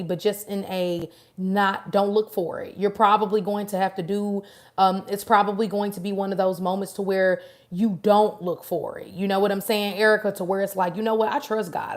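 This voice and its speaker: A woman giving a live-stream tarot reading, chatting casually and affectionately with viewers by name and answering their questions. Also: medium pitch. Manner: chatty, warm, affirming, addresses viewers directly. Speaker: tarot reader.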